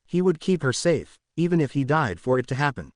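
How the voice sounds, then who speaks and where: A man reading a fan fiction story aloud as narrator in an expressive storytelling manner. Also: fairly high pitch, fairly quick, dry recording, clean studio sound.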